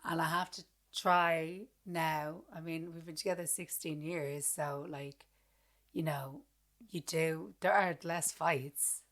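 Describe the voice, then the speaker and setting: A woman in her thirties with an Irish accent, co-hosting a podcast and chatting casually, blunt and animated as she acts out what people said. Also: low voice, slow pace. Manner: blunt, animated storytelling with acted-out quotes. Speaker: podcast co-host. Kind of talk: casual chat.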